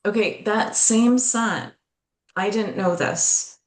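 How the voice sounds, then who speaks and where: A woman's voice: mid-range voice, takes it slowly. A middle-aged woman being interviewed, talking earnestly as a mental health educator and telling personal stories, speeding up on key points. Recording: roomy echo.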